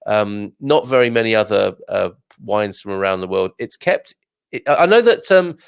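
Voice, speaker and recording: A male host chatting casually on a live show, reading out viewers' comments and joking back at them. His voice has a gravelly edge. The sound is dry, with no room echo. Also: fairly low pitch, lively intonation, normal speed. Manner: chatty, jokey, with frequent fillers and restarts; reads viewer comments aloud.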